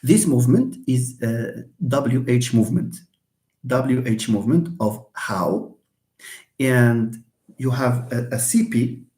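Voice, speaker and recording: Lively man teaching in an echoey room. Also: mid-range voice. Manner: lively, switches between fast asides and slow syllable-by-syllable explanation. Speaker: English linguistics teacher. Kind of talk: live online lesson. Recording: roomy echo.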